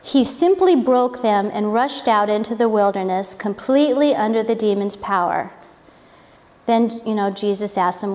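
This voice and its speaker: A woman's voice: mid-range voice, moderate pace, darkish tone. A woman giving an informal Bible lesson, chatty and wondering aloud. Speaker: Bible teacher. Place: church hall. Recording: echoey hall with long reverb.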